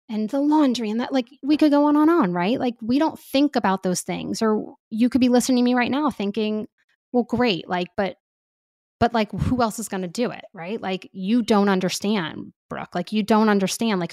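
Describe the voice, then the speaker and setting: A woman speaking as a parenting expert guest in casual podcast talk, animated and chatty with lots of fillers. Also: mid-range voice, dry recording, studio quality.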